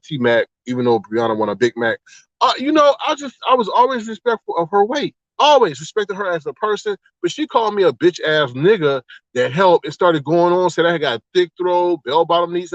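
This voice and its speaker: The man's voice is high, with no echo and the highs cut off. As a livestream host, he delivers casual gossip commentary on online drama to his live chat and acts out the quoted exchanges with animated storytelling.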